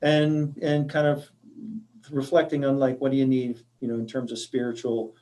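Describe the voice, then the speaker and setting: A man speaks as a hospice grief counselor, presenting to a library audience. His mid-range voice moves in a thoughtful, halting way, full of small fillers and restarts as he explains. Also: mid-range voice, monotone, warm tone.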